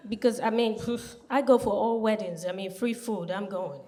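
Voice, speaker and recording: A woman's voice: medium pitch, moderate pace, dark tone. A woman doing a stand-up set in a comedy club, talking to the crowd in a punchy, chatty way with lots of asides.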